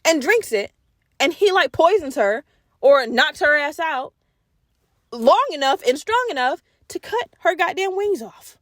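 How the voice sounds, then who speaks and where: A podcast host retells a film plot as animated comedy, full of profanity and slang. Her high voice comes at an unhurried pace, recorded close and dry with no room sound.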